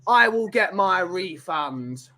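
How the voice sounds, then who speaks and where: A man's voice: sits high, expressive, slow pace, pushed and bright. A man hosting a casual podcast, reading out reviews and quizzing his guests. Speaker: podcast host running a quiz segment. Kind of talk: casual chat.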